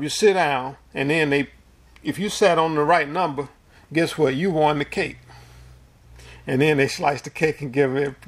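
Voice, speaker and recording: A man's voice: fairly high pitch, creaky, slightly rough. A man preaching a sermon in a folksy, storytelling way, with homespun asides.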